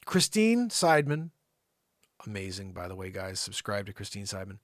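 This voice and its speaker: A man's voice: on the low side, normal speed, no echo, clean studio sound. A middle-aged man hosting a livestream, chatting casually in a rambling way and slipping into impressions. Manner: rambling, animated, breaks into impressions. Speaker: livestream host.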